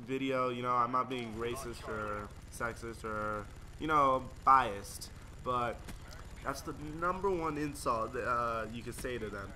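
With a mid-range, sharp-toned voice and a slightly slow pace, this young gaming video creator from the United States wanders through laid-back gameplay commentary and stories. His talk is slangy and prone to tangents, over slight background noise.

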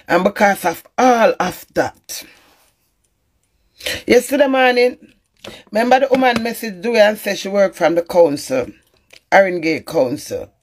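A woman's voice: a little high, slightly rough. A Jamaican woman in an emotional live-stream rant, pleading and emphatic and swearing often. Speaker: social media personality.

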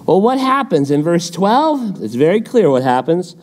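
A male pastor teaching a midweek Bible study, animated, firing off rhetorical questions and quips. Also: sits high, moderate pace, hardly any pauses.

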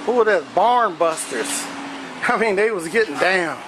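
A man's voice: sits high, expressive, unhurried. A man filming his family outside a restaurant, chatting casually and chuckling often as he narrates. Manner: chuckles often, easygoing drawl. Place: outdoors on a town street by a restaurant. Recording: street noise and wind outdoors.

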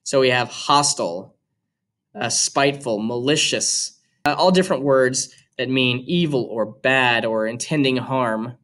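A man teacher who reads a novel aloud to his class and explains it in a measured way. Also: mid-range voice, a bit bright. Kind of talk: reading a novel aloud with commentary.

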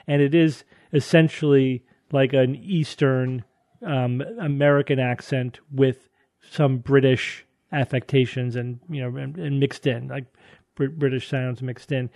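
A man's voice: mid-range voice, flat delivery, unhurried, a little mellow, no room sound. A man hosting a podcast who explains things at length and thinks aloud, then introduces and questions a guest. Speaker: podcast host. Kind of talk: casual panel chat and interview.

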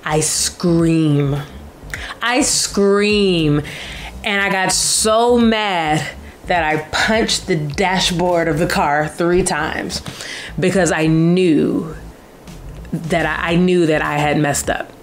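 A young woman telling a travel story to camera in a casual, animated way, acting out voices. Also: on the low side, takes it slowly, faint music behind. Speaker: travel vlogger.

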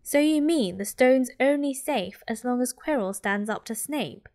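A woman with a British accent voicing a squeaky, anxious schoolgirl in a soft whispered role-play. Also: expressive, unhurried, heavily acted. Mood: alarmed. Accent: British English.

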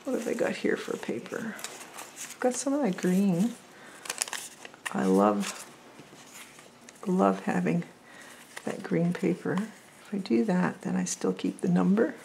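A woman's voice: fairly low pitch, huge pitch swings, takes it slowly, creaky, long pauses, a little mellow, a little hiss or hum. A woman vlogging as she makes paper crafts, chatty and thinking aloud as she works. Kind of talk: casual crafting chat.

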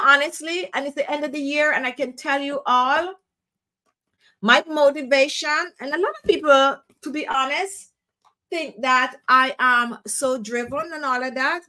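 A woman with a Jamaican accent chats casually to her live viewers in a high-pitched voice. She sounds earnest and encouraging, and she often repeats a phrase to drive it home. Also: sharp tone. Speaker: host of a skincare live show. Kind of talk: casual live-stream chat.

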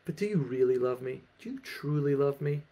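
A man's voice: medium pitch, expressive, brisk, dark tone, close to an everyday voice. A man voicing a drunk male Russian peasant who pleads with his friend about love. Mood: questioning.

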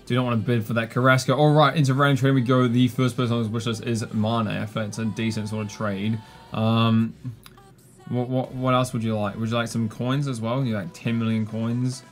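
A man's voice: mid-range voice, flat delivery, fairly quick, faint music behind. A man giving casual, chatty gameplay commentary while slightly losing his voice. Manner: chatty, laid-back, rambling. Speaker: gaming YouTuber.

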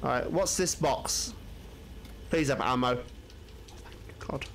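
A man with commenting on a video game he is playing, excitable, jumpy and swearing often. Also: mid-range voice, takes it slowly, a little hiss or hum. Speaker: gaming channel host. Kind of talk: let's-play commentary.

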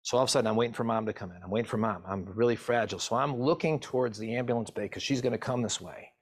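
A middle-aged man, a physician assistant, telling a painful story from his work in a halting, emotional way. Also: medium pitch. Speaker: physician assistant and medical educator. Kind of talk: personal story told to camera.

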